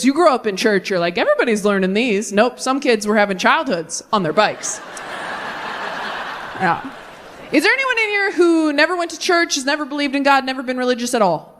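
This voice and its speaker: A woman's voice: fairly high pitch, animated, fairly quick, a little hiss or hum. A woman in her thirties performing a stand-up set with a punchy, wry delivery, often jumping into character voices. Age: 30s. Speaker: stand-up comedian.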